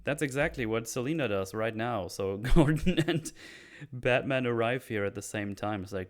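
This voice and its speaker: A man hosting a casual podcast, retelling film scenes in loose, animated speech with crude jokes. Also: fairly low pitch, moderate pace. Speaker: podcast host recapping a film.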